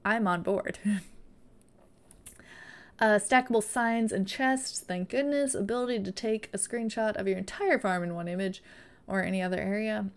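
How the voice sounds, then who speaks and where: A woman's voice: medium pitch, normal speed, clean tone. A woman chatting casually and playfully on a live stream, now and then baby-talking to her dog.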